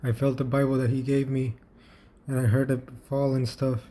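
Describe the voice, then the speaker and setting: A man vlogging, telling a personal story in a casual, halting way with frequent restarts and repeated words. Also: medium pitch, level tone, warm tone.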